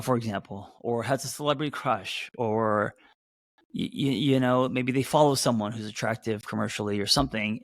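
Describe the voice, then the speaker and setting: A man who hosts as a therapist, talking loosely to a live audience, with many fillers and restarts, and a voice that sometimes jumps up high. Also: no room sound, clean studio sound. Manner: voice jumps up in pitch at times. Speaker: therapist and podcast host. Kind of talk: casual live-stream talk.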